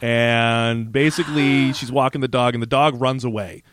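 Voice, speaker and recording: Animated man recapping a TV episode. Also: medium pitch, normal speed, a little hiss or hum. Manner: animated, laughing, acts out scenes. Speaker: podcast co-host. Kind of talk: casual chat recapping a TV episode.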